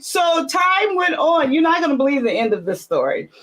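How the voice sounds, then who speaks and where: A woman hosting a casual video call chat from home, telling a story with lively acted-out quotes. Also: high-pitched, normal speed. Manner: animated storyteller, acts out her own quotes. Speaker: host. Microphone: webcam on a video call.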